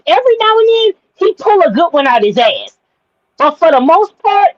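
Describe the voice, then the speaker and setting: A woman's voice: high-pitched, no echo, lo-fi sound. A woman co-hosting a podcast who talks casually and bluntly, swears a lot, and restarts her sentences often. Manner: blunt and profane, with frequent stammered restarts. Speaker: podcast co-host. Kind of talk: casual chat.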